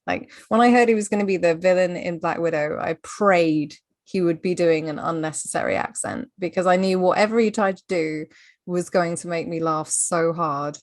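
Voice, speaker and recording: A wry, amused woman shares her pick on a podcast panel in a slightly low voice. Her sound is dry and close, with no room echo. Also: moderate pace. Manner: wry, amused, laughs easily. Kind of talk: casual panel chat.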